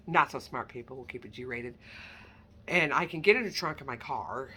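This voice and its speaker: A woman's voice: rumbling low, normal speed, pushed and bright, a little hiss or hum. A woman chatting casually and candidly as she shows handbags for sale, with self-deprecating asides. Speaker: online handbag reseller. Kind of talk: casual product showcase vlog.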